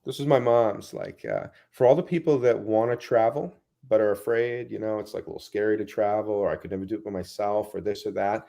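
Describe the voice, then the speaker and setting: A man, a guest in a casual interview, telling rambling, animated stories full of asides. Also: lowish voice, brisk, gravelly, few pauses.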